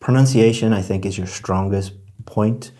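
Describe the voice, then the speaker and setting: Patient low-voiced male tutor explaining. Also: normal speed, mellow. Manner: patient, explanatory, demonstrates phrases aloud. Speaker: IELTS examiner giving feedback. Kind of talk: one-on-one feedback session.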